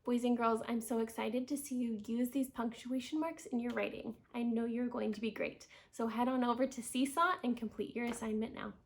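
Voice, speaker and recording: Woman, kindergarten teacher, high voice, animated read-aloud, expressive storytime delivery. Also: brisk, vocal fry, few pauses, a little hiss or hum. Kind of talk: reading aloud and teaching children.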